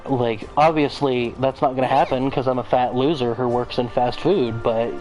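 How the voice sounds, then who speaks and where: A man's voice: mid-range voice, steady tone, normal speed, darkish tone, soft background music, low-quality recording. A man giving casual, profane gameplay commentary, rambling with joking asides. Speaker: let's play host.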